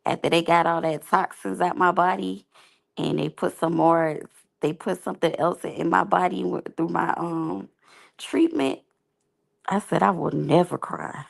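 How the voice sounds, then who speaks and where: A woman's voice: on the low side, a little slow, creaky. A woman giving candid, rambling, slangy commentary as a reality TV reviewer. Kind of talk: casual unscripted commentary.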